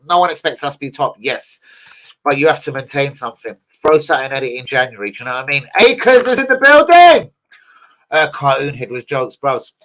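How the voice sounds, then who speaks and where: A young man, hosting a football fan channel and ranting in casual, heavily sworn, animated commentary. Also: mid-range voice. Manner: sweary, animated, keeps saying "bruv" and "do you know what I mean".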